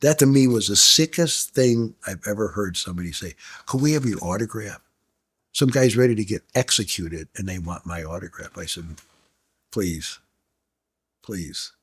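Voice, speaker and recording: A man's voice: lowish voice, expressive, moderate pace, fairly bright tone, husky. A man, a former prosecutor, earnestly recalling a disturbing memory in casual conversation. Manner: earnest, emotional recollection. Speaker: former prosecutor, podcast guest.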